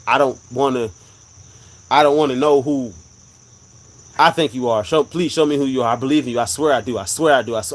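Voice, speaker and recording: A man's voice: medium pitch, poor audio. A man hosting a live stream, telling a personal story earnestly and repeating his points for emphasis. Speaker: livestream host sharing a religious testimony. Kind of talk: live-stream casual talk.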